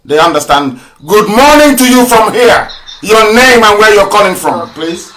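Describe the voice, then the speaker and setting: A man's voice: high-pitched, expressive, moderate pace, a bit bright, roomy sound, far from the mic, rough recording. A man hosting a live call-in broadcast, repeating callers' words in a formal, courteous way. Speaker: radio call-in host.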